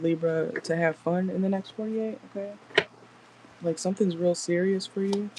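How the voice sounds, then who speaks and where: A woman's voice: deep voice, noisy background. A woman doing a casual tarot reading in a car, chatty and blunt, swearing freely as she talks to viewers. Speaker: tarot reader.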